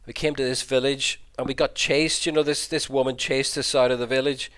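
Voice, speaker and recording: A man's voice: medium pitch, flat delivery, brisk, a bit bright, clean tone. A middle-aged Irish man, a priest, telling a personal story over slides on a video call in an earnest, reflective way, often repeating words. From Ireland. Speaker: Jesuit priest and pilgrim guide giving a talk.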